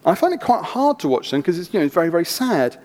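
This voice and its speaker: A man preaching a sermon, telling stories in an animated, chatty way with asides. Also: high-pitched, quick pace. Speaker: pastor. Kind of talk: sermon with storytelling. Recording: reverberant church hall.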